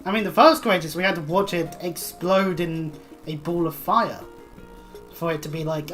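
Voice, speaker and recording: A woman's voice: lowish voice, steady tone, normal speed, fairly bright tone, faint music behind. A woman streaming a video game, chatting casually, joking and swearing freely as she plays.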